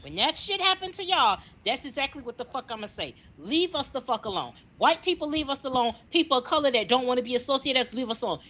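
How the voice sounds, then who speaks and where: Woman on a heated profane rant; high, sharp voice, relentless rhetorical questions. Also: expressive, fast talker, hardly any pauses. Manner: furious, profane, rhetorical questions, repeats herself.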